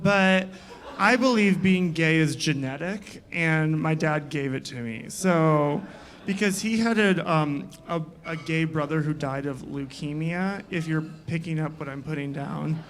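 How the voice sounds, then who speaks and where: Man, young adult, from Iowa, stand-up comedy, crude, sarcastic, teases audience, higher voice. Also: fairly bright tone. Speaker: comedian and host. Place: bar stage, live show.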